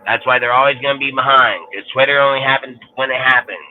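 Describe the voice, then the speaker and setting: A man's voice: mid-range voice, fast talker, a little hiss or hum. A man in his thirties hosting a sports podcast, ranting in a profane, heated and rambling way. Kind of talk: ranting casual talk. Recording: tinny phone-like sound.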